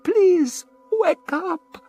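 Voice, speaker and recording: A man voicing a terrified young foreign woman, pleading in a high, desperate voice. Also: extremely slow, a little mellow, faint music behind, full character voice.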